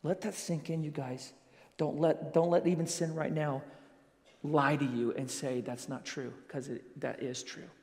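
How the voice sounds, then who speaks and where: Animated man preaching in a chapel. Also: on the high side, a little slow, slightly rough. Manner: animated, acts out quoted voices, addresses listeners as "you guys". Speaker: chapel speaker. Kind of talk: school chapel sermon. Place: school chapel. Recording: long hall reverb.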